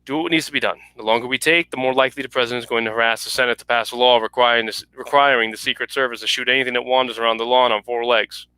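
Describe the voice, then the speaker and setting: A man's voice: mid-range voice, fairly even intonation, rapid-fire, few pauses, bright, forceful tone, smooth, dry recording, natural voice, low-quality recording. A man voicing an earnest government official in a story reading, polite and businesslike.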